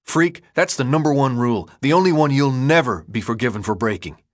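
A man reading a gruff teenage boy leader who speaks in a clipped, rural drawl full of slang and gives blunt orders. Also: medium pitch, expressive, normal speed, a bit bright, close to an everyday voice. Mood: stern.

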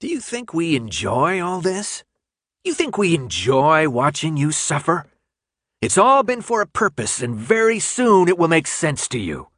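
A man voicing a cold, volatile older official who speaks in a clipped way and swings between quiet menace and shouting. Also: fairly high pitch, big pitch swings, unhurried, dry recording, studio quality, voice pushed up, full character voice. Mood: stern.

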